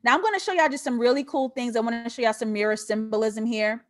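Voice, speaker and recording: Brief: young woman, high-pitched, animated and profane, live-stream film commentary host who laughs a lot and addresses viewers directly. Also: fast. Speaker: host of a film breakdown show.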